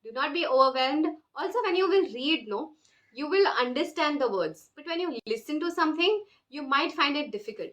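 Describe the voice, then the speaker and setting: A woman teaching beginner French online, slowly repeating each phrase for learners to copy. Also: sits high, lively intonation, fairly bright tone. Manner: slow, drills phrases with repetition. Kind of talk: online language lesson.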